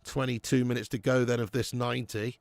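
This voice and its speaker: A man's voice: medium pitch, level tone, a little fast, vocal fry, dry recording. A man hosting a live football watch-along, chatting casually and swearing freely. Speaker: host.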